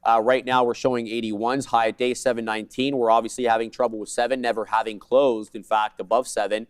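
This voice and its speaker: A man co-hosting a live day trading show, calling trades in quick jargon with joking asides. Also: mid-range voice, level tone, smooth, no room sound, clean studio sound.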